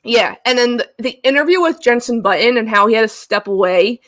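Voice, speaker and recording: A woman's voice: fairly high pitch, lively intonation, a little fast, fairly bright tone, dry recording. A woman co-hosting a podcast in casual chat, gushing and laughing often, acting out the people she quotes. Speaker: podcast co-host.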